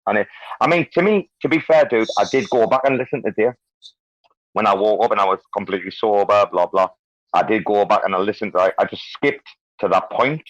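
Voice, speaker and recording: Man, low voice, dry muffled online audio, rambling, swears a lot. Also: a little fast, dry recording. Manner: swears freely, rambling and blunt. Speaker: host. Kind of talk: casual crypto chat on a live audio stage.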